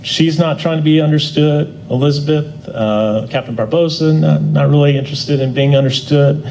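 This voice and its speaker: A man teaching a church Bible class in a folksy, conversational way. He often restarts and repeats words, and he gets louder on his key points. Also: fairly high pitch, steady tone, normal speed, creaky, slight background noise, low-quality recording.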